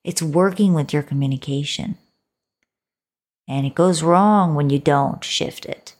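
Woman, low voice, podcast host, motivational solo talk, playful, coaxing, soft whispers at times. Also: unhurried. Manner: playful and coaxing, calls the listener baby, drops to soft whispers.

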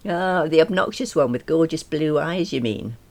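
A woman reading aloud voices a bubbly, excitable female best friend who gushes eagerly. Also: low-pitched, moderate pace, vocal fry, voice pushed up, full character voice. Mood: excited. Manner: gushing, eager.

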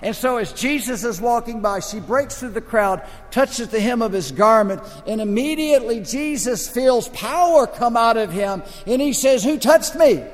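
An older man preaching a sermon as the pastor, telling stories dramatically and swinging between loud and hushed. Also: very high voice, moderate pace, hardly any pauses, long reverb tail.

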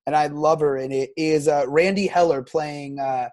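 A co-host in a casual film conversation, eager and warm toward the subject. The speech often stalls on fillers and restarts, delivered in a mid-range voice. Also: medium pitch, fairly even intonation. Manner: enthusiastic, halting with fillers and restarts.

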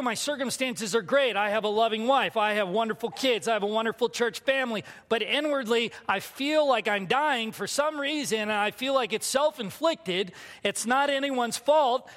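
A man's voice: extremely high pitch, fairly bright tone. A man in his thirties preaching a sermon, telling a personal story in a candid, self-mocking way. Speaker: pastor. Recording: long hall reverb.

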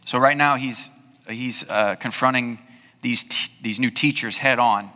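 A man's voice: mid-range voice, a little slow, sharp tone, in a large hall. A male pastor preaching a sermon, talking conversationally and checking in with rhetorical questions.

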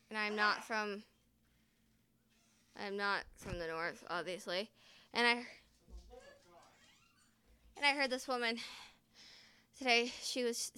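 A woman's voice: fairly high pitch, bright, forceful tone, clean tone, no echo. A woman vlogger who chats casually and swears freely, then reads her own story aloud.

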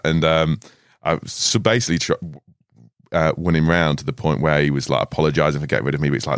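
Deep guy rambling thru a fishing story, laughs a lot, dry studio sound. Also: fairly even intonation, quick pace, clear, resonant tone, no echo. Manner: rambling, laughs often, restarts. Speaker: podcast guest, carp angler. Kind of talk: casual storytelling chat. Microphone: studio podcast mic.

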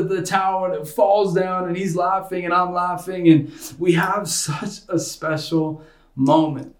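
Earnest pastor, slightly high voice. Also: male voice, unhurried, a little mellow. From United States. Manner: earnest, conversational, personal. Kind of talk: online sermon, casual storytelling. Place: bedroom home studio. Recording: roomy bedroom home studio.

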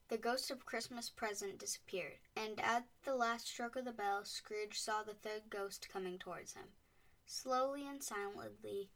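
A woman reading a storybook aloud in a clear, expressive way. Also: mid-range voice. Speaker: narrator. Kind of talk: storybook narration. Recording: voice a bit distant from the mic.

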